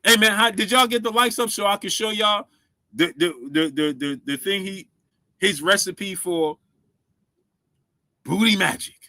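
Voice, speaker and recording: Bright-voiced man hosting a casual live stream. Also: high-pitched, measured pace, long pauses, no echo. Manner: shouts out viewers, asks for likes; stumbles over words, repeats himself.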